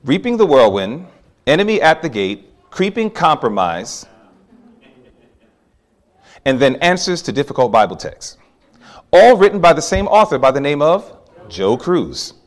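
A man preaching a sermon, telling a personal story with animated swings from hushed asides to loud exclamations. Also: fairly high pitch, measured pace, pauses often.

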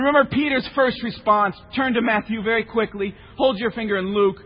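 A man preaching a sermon with passion, swinging between shouting and hushed tones. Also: high voice, steady tone, a little fast, few pauses, breathy edge. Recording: echoey hall, slightly muffled.

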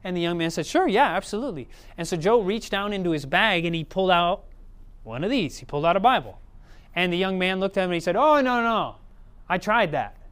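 Smooth-voiced male preacher. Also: high voice, fast, a bit bright. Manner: conversational, checks in with the audience often. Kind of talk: sermon.

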